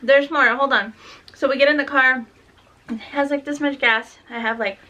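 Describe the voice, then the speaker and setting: A woman's voice: high-pitched, fairly even intonation, moderate pace, pushed and bright, muffled recording. A woman, a mother, telling a rambling, cursing story in a casual vlog, still tired and lightheaded. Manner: rambling, swears, acts out dialogue. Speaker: mother vlogging about her daughter.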